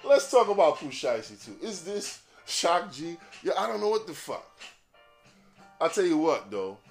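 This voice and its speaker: A man's voice: fairly high pitch, sing-song, moderate pace, soft background music. Rambling, profane podcast man. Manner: profane, rambling, laughing at his own jokes. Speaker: podcast host. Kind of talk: casual podcast monologue.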